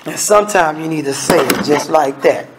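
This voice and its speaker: A man's voice: fairly high pitch, lively intonation, moderate pace, background noise. A man preaching an evening sermon in a folksy, conversational way, blunt and scolding with humor, often acting out little dialogues.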